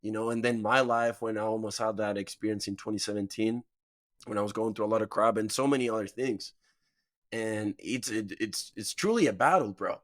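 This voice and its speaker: Chill host guy, slangy and loose, lowish voice, dry close sound. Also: brisk, no echo. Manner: laid-back slangy talk, many fillers. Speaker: podcast host. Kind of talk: casual interview chat.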